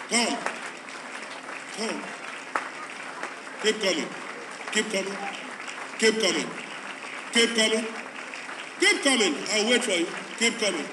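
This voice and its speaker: A man, a pastor at a church convention, leading an altar call and a prayer, repeating his urgent calls to come forward. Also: high-pitched. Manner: repetitive, urging, rising to loud pleading calls. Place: large church hall at a convention. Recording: echoey hall, distant mic, crowd noise.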